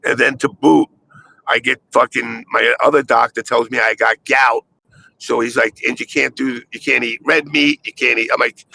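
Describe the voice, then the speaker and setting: A man's voice: mid-range voice, fairly even intonation, moderate pace, gravelly, bright, forceful tone, slight background noise, poor audio. An older man telling long, profane stories in casual chat. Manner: profane, rambling storyteller.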